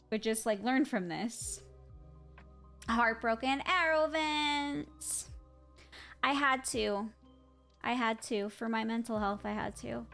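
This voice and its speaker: A woman streaming from home, chatting casually with her chat in a slightly high voice. She is blunt and swears freely, often laughing mid-story. Faint music plays softly behind her desk mic. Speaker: live streamer.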